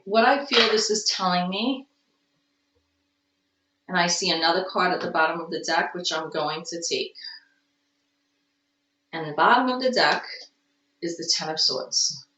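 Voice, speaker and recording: A woman's voice: lowish voice, animated, a little slow, long pauses, noisy background. A woman giving a casual tarot reading at home, with stretches where she coos baby talk to her cat. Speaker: tarot reader. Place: home room. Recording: roomy, distant, dull home recording.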